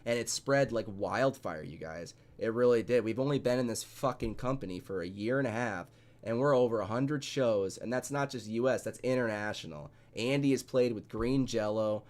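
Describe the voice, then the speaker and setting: A man's voice: mid-range voice, moderate pace, darkish tone. A man in a casual podcast chat, talking bluntly and rambling with plenty of swearing.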